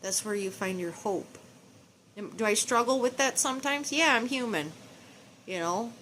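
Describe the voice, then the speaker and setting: A woman's voice: on the high side, animated, normal speed, a bit bright, a little hiss or hum. A middle-aged woman speaking tenderly and pleadingly in a personal video message to her estranged children, quoting scripture at times. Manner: preachy, quotes scripture.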